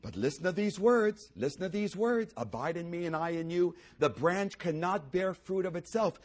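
A pastor preaching a sermon, swinging between loud exclamations and hushed near-whispers and repeating key phrases for emphasis. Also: male voice, high voice, expressive, normal speed, few pauses.

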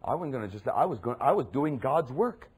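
A preacher voicing a proud, zealous apostle. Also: male voice, mid-range voice, big pitch swings, brisk, a little mellow, husky. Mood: boastful. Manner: boastful, first-person testimony. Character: zealous, proud ancient male apostle boasting.

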